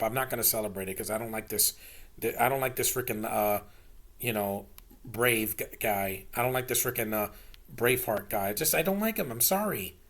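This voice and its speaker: A man's voice: mid-range voice, creaky, a bit bright. A man giving a casual, blunt film review, exasperated and swearing, often restarting his sentences. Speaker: movie reviewer.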